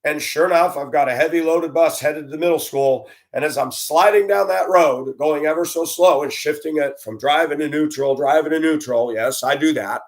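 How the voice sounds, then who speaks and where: A man telling stories about his years as a school bus driver, blunt and animated, acting out the voices he quotes. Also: on the high side, moderate pace, few pauses. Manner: blunt, plain-spoken. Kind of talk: storytelling monologue.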